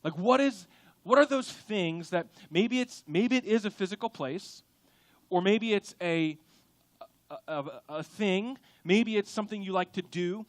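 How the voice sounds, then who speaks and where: A young adult man preaching a sermon in a church, lively and conversational, now and then acting out quoted voices. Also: high voice, unhurried, dry recording. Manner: animated, acts out quoted voices. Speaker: pastor. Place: church auditorium.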